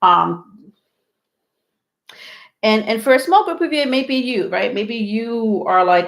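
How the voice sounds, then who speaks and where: A woman's voice: mid-range voice, expressive, unhurried, gravelly. Woman, tarot reader on a livestream, slightly breathless, loose reassuring chat. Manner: reassuring, rambling with many ums. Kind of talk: live tarot reading, casual chat to viewers.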